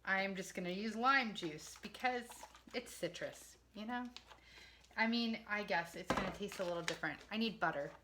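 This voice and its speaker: A woman's voice: mid-range voice, moderate pace, background noise. A woman in her forties, chatting casually and poking fun at herself as she talks to viewers while cooking in her home kitchen. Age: 40s.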